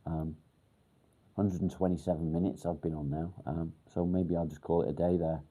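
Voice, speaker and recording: Deep-voiced man, halting chat. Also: flat delivery, warm tone, breathy edge. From England, near Warrington. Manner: halting, pauses to think with many ums; swears casually. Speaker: livestream host. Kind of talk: casual live chat reading comments.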